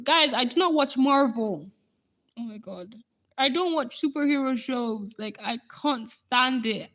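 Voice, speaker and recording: A woman's voice: high-pitched, a bit bright. A young woman hosting a casual live stream, chatting with viewers and laughing often. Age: young adult.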